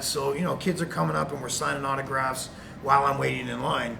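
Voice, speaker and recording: Canadian guy, really gravelly, telling a story over a noisy video call. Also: medium pitch, fast. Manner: animated, acts out quotes. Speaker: guest, retired wrestler. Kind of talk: anecdote storytelling.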